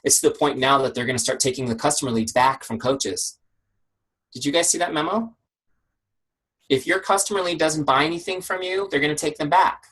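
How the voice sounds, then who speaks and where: Husky-voiced man coaching a sales team. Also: fairly high pitch, a little fast, rough recording. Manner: energetic, conversational, many rhetorical questions. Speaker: network marketing trainer. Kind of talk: team training call. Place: home office shed. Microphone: video call.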